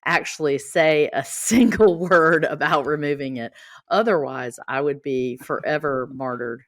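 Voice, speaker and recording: A woman's voice: low voice, a little slow, no echo. A woman from Mississippi with a Southern accent, chatting wryly on a podcast. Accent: Southern American. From Mississippi, USA. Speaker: podcast guest co-host. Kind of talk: casual chat.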